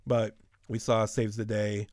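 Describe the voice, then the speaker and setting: A man's voice: lowish voice, little pitch movement, measured pace, darkish tone, no echo, clean studio sound. A man in his thirties telling rambling, profane stories in a casual podcast chat.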